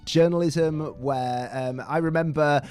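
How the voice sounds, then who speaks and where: A man's voice: a little high, steady tone, a little slow, darkish tone. A man from Manchester talks as a podcast guest in a strong Northern English accent. He is self-deprecating and often stumbles and restarts his sentences. Faint music sits behind him. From Manchester, England. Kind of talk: casual interview chat.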